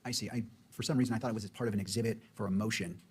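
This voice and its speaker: A male judge speaking politely and deliberately in a courtroom, heard from a courtroom feed. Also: on the low side, fairly even intonation, slightly rough. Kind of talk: courtroom proceedings.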